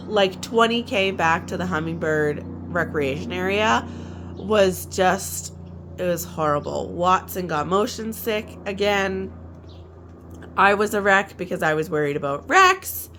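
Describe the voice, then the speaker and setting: A woman's voice: fairly low pitch, a bit bright, a little hiss or hum. Chatty woman telling a family story. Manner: chatty, laughs often, trails off mid-sentence. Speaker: vlogger. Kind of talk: casual storytelling.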